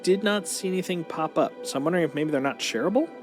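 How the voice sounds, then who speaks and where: A man's voice: a little high, fast. A man streaming a video game, chatting playfully and thinking aloud as he sorts his gear. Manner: playful, thinks aloud, lively ups and downs. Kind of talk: casual gameplay chat. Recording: game music behind voice.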